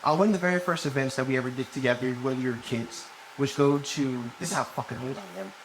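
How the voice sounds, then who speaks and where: Here the stand-up comic, a man in his twenties, talks fast in a mid-range voice with fairly even intonation. He rambles, curses, and laughs at his own material, and the live recording carries plenty of room noise.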